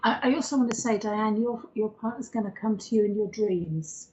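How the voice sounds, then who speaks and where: A woman chats through a spiritual reading, calling listeners darling and lovey. Her pitch sits in an ordinary middle range. The sound is muffled and lo-fi, as on a livestream. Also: a little fast, a little hiss or hum. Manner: warm-worded, chatty, calls viewers darling and lovey. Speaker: psychic medium co-host. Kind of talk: live spiritual reading and chat. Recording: dull lo-fi livestream audio.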